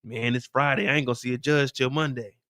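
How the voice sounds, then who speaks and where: A man voicing a jailed friend in a low, weary, mumbling voice. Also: steady tone, quick pace, pushed and bright, clean tone, no room sound, clean studio sound, close to an everyday voice.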